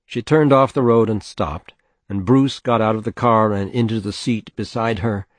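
Low-voiced man reading a novel. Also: no room sound. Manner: steady, measured storytelling. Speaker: narrator.

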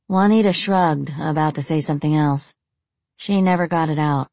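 A woman narrating an audiobook in a steady, even storytelling manner. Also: deep voice, moderate pace, no room sound.

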